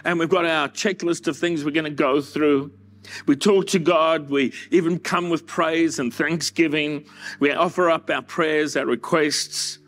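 A man's voice: fairly high pitch, steady tone, a little slow, fairly bright tone. A male pastor delivering a conversational, earnest sermon, sometimes acting out listeners' doubts. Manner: earnest, conversational preaching with dramatized asides.

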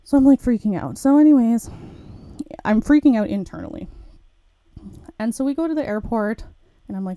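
A woman's voice: on the high side, animated, normal speed, pauses often, dark tone, no room sound. A woman podcast host telling a personal story in a candid, frank way, swearing casually.

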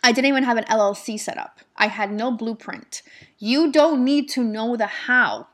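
A woman's voice: a little high, moderate pace. A woman manifestation mentor giving an emphatic motivational talk, swearing casually and repeating her points. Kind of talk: motivational monologue.

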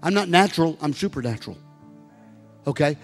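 Brief: man in his sixties, pastor, fairly high voice, preaching with long church reverb and soft music behind. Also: animated, brisk. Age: 60s. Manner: preaching, rising to loud exhorting. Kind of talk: sermon. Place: church sanctuary.

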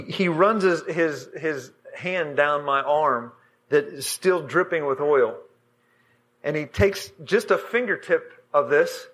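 Bright high-voiced man preaching. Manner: halting and emotional, many fillers and restarts. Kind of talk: sermon storytelling.

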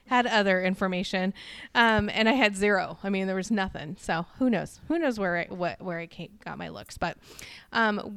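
American woman podcast host telling a story, smooth clear voice, dry close sound. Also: fairly low pitch, no echo. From United States. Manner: chatty storyteller, animated when quoting others. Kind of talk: casual conversation.

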